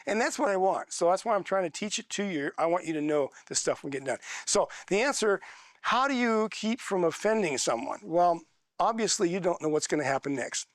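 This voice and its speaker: A man's voice: high voice, lively intonation, fairly quick, no echo, clean studio sound. A middle-aged man teaching a church class, telling stories in a folksy, chatty way and acting out both sides of the dialogue. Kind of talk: storytelling class talk.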